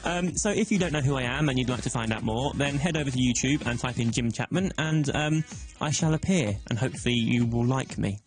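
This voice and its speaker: A man's voice: mid-range voice, a little fast, few pauses, faint music behind. Chatty young man hosting radio. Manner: self-deprecating, chatty. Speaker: guest radio host. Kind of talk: casual radio chat. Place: radio studio.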